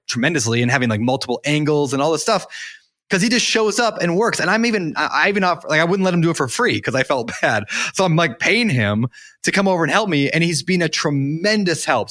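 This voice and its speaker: A man's voice: on the high side, no echo, clean studio sound. A young man co-hosting a podcast, chatting casually and animatedly acting out what people say to him. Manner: animated, acts out quoted people. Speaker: podcast co-host.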